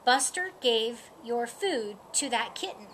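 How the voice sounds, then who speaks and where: A woman's voice: a little high, expressive, slow, a bit bright, a little hiss or hum. A woman doing a bossy, sassy storybook dog. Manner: pert and bossy.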